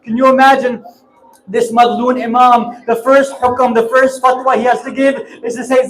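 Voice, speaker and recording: A man's voice: extremely high pitch, flat delivery, moderate pace, fairly bright tone, poor audio. A man giving a mourning sermon, telling the story through tears, impassioned and sobbing. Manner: tearful, impassioned storytelling, breaking into sobs. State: crying. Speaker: preacher.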